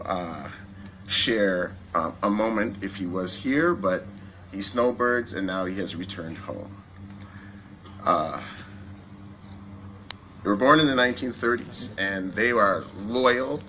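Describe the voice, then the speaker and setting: A man in his forties speaks from a podium microphone, taking his time and leaving long pauses. His voice is bright and forceful. He jokes at his own expense and talks about his feelings without holding back. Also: on the low side, a little hiss or hum, poor audio. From Canada. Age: 40s. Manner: self-deprecating, jokey, openly emotional. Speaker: company CEO giving a speech. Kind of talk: joking public speech at a launch event. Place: event hall before an audience.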